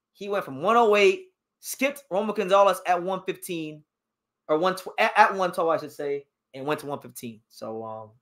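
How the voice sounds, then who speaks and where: A man's voice: a little high, a bit bright. A man hosting a boxing talk stream, reading chat questions and giving strong opinions, often repeating words as he gets worked up. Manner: emphatic, opinionated, repeats words when fired up. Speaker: boxing talk show host. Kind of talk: live-stream boxing commentary answering chat.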